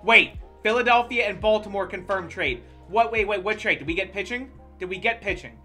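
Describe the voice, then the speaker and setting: A streamer giving casual gameplay commentary, profane and quick to break into loud, exasperated outbursts. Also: mid-range voice, soft background music.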